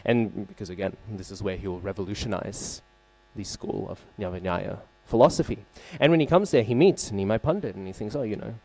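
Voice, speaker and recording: Male temple class speaker, fairly low voice with a warm, soft tone; casual storytelling lecture that keeps checking in with listeners. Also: normal speed, gravelly, hardly any pauses, no echo. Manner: conversational, frequent "right?" check-ins and fillers; openly searches for names and terms. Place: temple hall.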